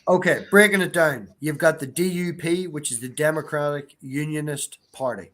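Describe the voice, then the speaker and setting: A man's voice: a little high, moderate pace, fairly bright tone. A man from Ireland, chatting casually on a stream and explaining things step by step with casual swearing. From Northern Ireland. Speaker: stream guest. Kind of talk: casual chat.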